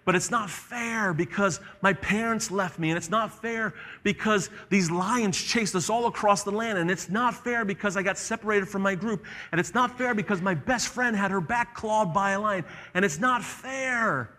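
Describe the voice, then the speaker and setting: A man's voice: sits high, expressive, normal speed, hardly any pauses, sharp tone, exaggerated voice. A man preaching and voicing a frightened young boy who keeps complaining and doubting, in an echoey hall. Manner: whiny, repeating complaints. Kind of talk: sermon story retelling.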